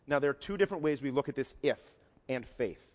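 Male pastor, mid-pitched, conversational sermon with acted-out quotes, large echoing church. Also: animated, fast. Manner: conversational, acts out quotes in varied voices. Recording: long hall reverb.

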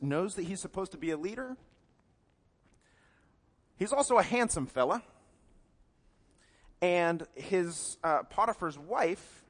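Male pastor, light-pitched voice, casual wry preaching, self-correcting asides, long hall reverb. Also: fairly bright tone. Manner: corrects himself mid-sentence. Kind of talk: sermon.

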